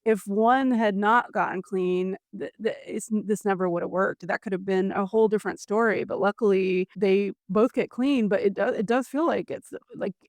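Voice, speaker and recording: A woman's voice: mid-range voice, normal speed, hardly any pauses, dry recording. Woman podcast cohost recapping a story, chatty, dry close sound. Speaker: podcast co-host. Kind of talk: casual chat.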